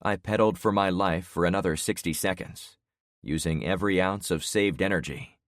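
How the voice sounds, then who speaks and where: A man in his sixties narrating an audiobook in the first person with steady storytelling. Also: low-pitched, normal speed, no room sound, clean studio sound. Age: 60s.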